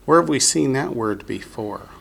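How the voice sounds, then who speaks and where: A man's voice: medium pitch, expressive, normal speed, creaky, a bit bright, slightly rough. A man teaching Biblical Hebrew in a classroom, patiently drilling students with call-and-response.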